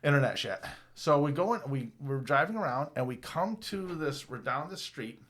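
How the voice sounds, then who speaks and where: A man in his fifties telling a long, rambling, profane story on a podcast, lively when quoting people. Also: fairly high pitch, moderate pace. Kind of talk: casual storytelling.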